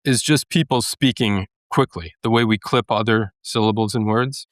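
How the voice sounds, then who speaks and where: A man's voice: lowish voice, moderate pace, no room sound, clean studio sound. A man co-hosting a podcast, patiently explaining details in a casual, slightly pedantic way. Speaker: podcast co-host. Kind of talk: casual chat.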